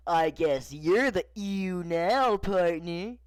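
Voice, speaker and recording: A man's voice: sits high, expressive, takes it slowly, clean tone, no echo, clean studio sound. Woody, a man voicing an evil grinning cowboy toy. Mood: taunting.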